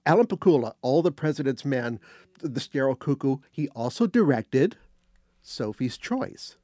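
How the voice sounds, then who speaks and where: An older man telling a casual anecdote as a guest, animated, acting out quotes and restarting phrases. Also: medium pitch, normal speed, dry recording, clean studio sound. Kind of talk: casual storytelling.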